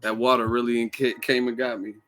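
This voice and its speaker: Hyped man shouting out live-stream viewers. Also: mid-range voice, level tone. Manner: hyped, slangy, rapid-fire shout-outs. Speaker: boxing channel host. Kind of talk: casual live-stream chat.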